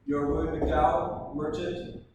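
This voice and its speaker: An actor playing a formal court clerk who swears in witnesses with loud, ceremonial recitation in a live reenactment. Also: male voice, a little high, little pitch movement, a little slow, natural voice. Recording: echoey hall, distant mic, background noise.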